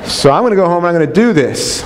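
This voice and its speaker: A man's voice: sits high, animated, racing. A man, a chiropractor, giving an unscripted and enthusiastic talk to colleagues, repeating his points with earnest conviction. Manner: earnest, repetitive, enthusiastic preaching tone with restarts. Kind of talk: unscripted talk to a live audience. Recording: long hall reverb.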